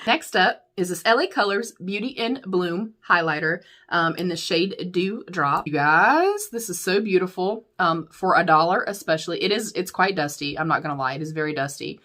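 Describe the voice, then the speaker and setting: Young woman, lower-pitched voice, candid and chatty, laughs easily, reviews makeup at a desk. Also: a bit bright. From United States. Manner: candid, chatty, addresses viewers as y'all, laughs often. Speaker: beauty YouTuber. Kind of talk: casual chatty product review.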